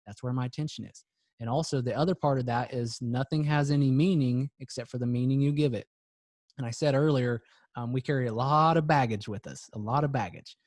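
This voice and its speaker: A man's voice: mid-range voice, darkish tone, no room sound. Earnest man coaching in a dry voice. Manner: earnest, reflective, repeats words for emphasis. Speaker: guest business coach. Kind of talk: motivational podcast talk.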